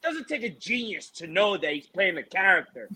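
A man co-hosting a fight preview show, ranting in an animated, mocking and exasperated way. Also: high voice, normal speed, breathy edge, poor audio. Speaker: MMA show co-host.

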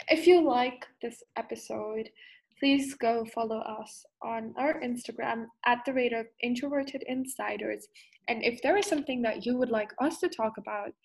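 A woman's voice: on the high side, creaky, low-quality recording. Upbeat young woman. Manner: upbeat, filler-heavy, laughs between phrases. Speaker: podcast co-host. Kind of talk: casual chat.

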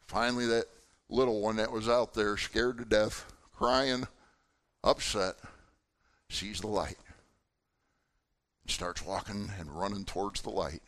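A man, a pastor, preaching a sermon with lively swings in pitch and loudness and putting questions to his congregation. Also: takes it slowly, pauses often.

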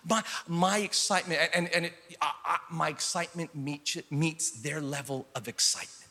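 Man, 30s, pastor, chatty sermon, very bright tone, slightly high voice, big hall reverb. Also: moderate pace, hardly any pauses. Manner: conversational, building to shouted preaching.

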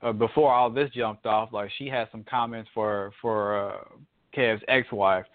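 A man's voice: on the low side, fairly even intonation, unhurried. A man co-hosting a podcast, chatting casually in a laid-back, hesitant way that repeats words. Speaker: podcast co-host. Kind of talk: casual chat. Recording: tinny phone-like audio.

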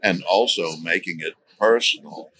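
A man with a very low-pitched voice that still carries a bright, forceful edge. He talks as a podcast guest in a deliberate, teaching manner, circling back to repeat his key words. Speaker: guest, safety trainer. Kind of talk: conversational podcast interview.

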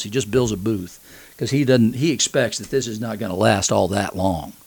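Male preacher, earnest conversational sermon delivery, husky voice, dry close sound. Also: medium pitch, dry recording. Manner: conversational, earnest, acts out quotes.

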